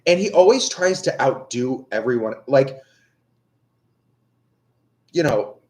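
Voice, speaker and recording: A man's voice: mid-range voice, animated, slow. A young man chatting casually on a livestream, ranting in an exasperated way and swearing often. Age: young adult. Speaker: livestream tarot reader. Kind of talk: casual rambling chat.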